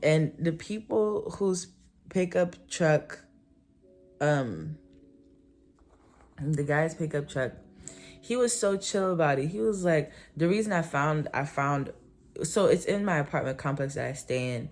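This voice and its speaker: A woman's voice: low-pitched, expressive, measured pace, pauses often, a little mellow, soft background music. A woman vlogger telling a personal story in a casual, rambling way, full of "like" and "um" and frequent self-corrections. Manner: rambling, filler-heavy, often self-correcting.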